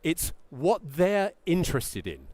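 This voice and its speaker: A middle-aged man giving a presentation to founders as a pitch coach, emphatic and lively, sometimes acting out what a founder might say. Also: slow, dry recording. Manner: animated, emphatic, acts out mock founder quotes.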